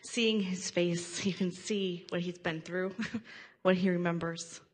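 A woman hosting a Christian prayer video, talking in a casual, earnest way with pauses and restarts. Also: on the low side, fairly even intonation. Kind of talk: casual reflective commentary.

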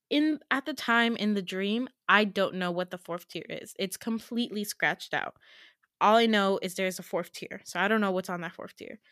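A woman's voice: medium pitch, no echo, clean studio sound. A young woman hosting a podcast, casually retelling a dream with lots of laughter and the odd swear word. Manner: animated, laughing, swearing freely. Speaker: podcast host. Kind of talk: casual storytelling.

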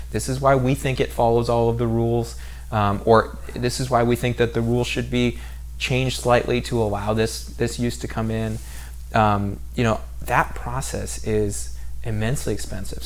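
A man's voice: lowish voice, slight background noise. A man from San Diego in casual podcast conversation, talking in long rambling runs full of fillers and restarts. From San Diego, California.

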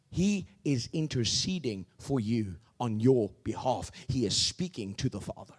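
A male pastor preaching a sermon, swinging from loud declarations to hushed asides and leading the congregation in call-and-response. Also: medium pitch, very animated, unhurried, hardly any pauses, husky.

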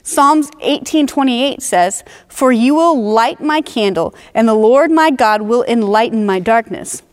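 A woman's voice: on the high side, expressive. Earnest woman preaching a sermon. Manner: earnest teaching, slows down to stress key phrases.

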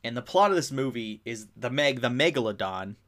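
A man co-hosting a casual podcast, recapping a film in an animated, rambling way and laughing often. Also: mid-range voice, brisk. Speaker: podcast co-host. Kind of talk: casual chat. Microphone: remote call.

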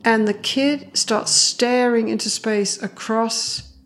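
A woman psychologist, a guest on an interview, explaining her ideas through lively stories and acting out the voices of the people she describes, often with a laugh. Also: a little high, slow pace. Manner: expressive, acts out voices in anecdotes. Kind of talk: interview storytelling.

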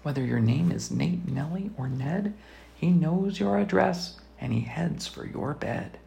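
A man's voice: on the high side, expressive, measured pace, vocal fry, dark tone, a little hiss or hum. A man reading a rhyming children's book aloud as a father, in a sing-song rhythm that often drops to a whisper. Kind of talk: storybook read-aloud.

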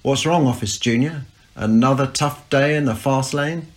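A man's voice: medium pitch, normal speed, pitched above the performer's own voice, natural voice. A man voicing a teasing, boastful middle-aged father who mocks his son. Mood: mocking. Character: mocking middle-aged working-class dad, teasing critic.

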